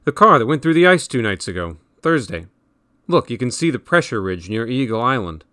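A man's voice: mid-range voice, very animated, fairly quick, pushed and bright, no room sound, pitched above the performer's own voice. A man voicing a worldly, lecturing teenage older brother who explains everything in a slightly raised, dry-recorded voice. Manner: bossy, explaining.

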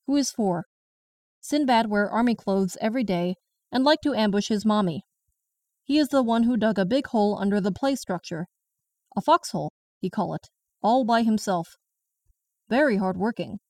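A woman's voice: mid-range voice, a little mellow, dry recording, recorded from a distance, lightly acted. A woman voices a stern Chinese grandmother in her late sixties, speaking broken English with a Chinese accent. She tells her story bluntly and with plain indignation, in an audiobook style. The voice sits a little off the mic in a dead, dry room. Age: 60s. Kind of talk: first-person audiobook narration.

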